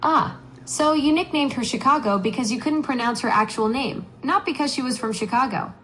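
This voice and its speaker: A female-voiced AI assistant replying in an eager, upbeat way and quickly apologizing. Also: high-pitched, a bit bright, slight background noise, low-quality recording. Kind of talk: conversational AI replies.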